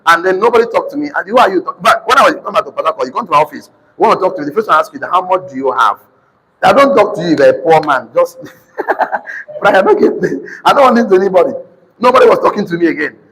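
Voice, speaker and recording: A man with a Nigerian accent preaching to a live congregation, calling for responses and slowly repeating key lines for notes. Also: high-pitched, lively intonation, breathy edge. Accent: Nigerian English. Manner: sudden shouted emphasis. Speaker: motivational preacher. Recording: reverberant hall.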